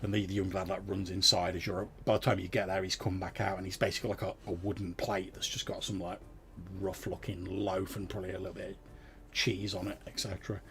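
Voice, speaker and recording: A man's voice: low voice, level tone, fast talker, a bit bright. A man narrating a tabletop game as game master, loose and full of fillers. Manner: many fillers, describes scenes loosely.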